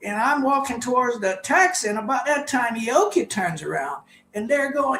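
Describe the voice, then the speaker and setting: A man's voice: very high-pitched, expressive, moderate pace, few pauses, bright, forceful tone, slight background noise. Older man telling rambling anecdotes. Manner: rambling anecdotes, chuckles often. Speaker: guest, former baseball player. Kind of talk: casual storytelling. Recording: echoey room.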